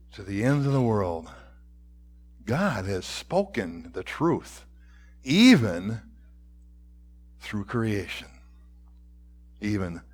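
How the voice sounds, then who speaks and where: A man preaching a sermon as pastor, reading scripture dramatically and dropping at times to a hushed whisper. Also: medium pitch.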